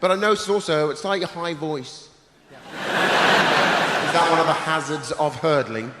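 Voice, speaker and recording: A man hosting a live stand-up show, with a punchy, theatrical delivery and shouted greetings to the crowd. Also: on the high side, moderate pace. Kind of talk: stand-up comedy set. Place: large theatre stage before a live audience. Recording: roomy theatre reverb, loud audience noise.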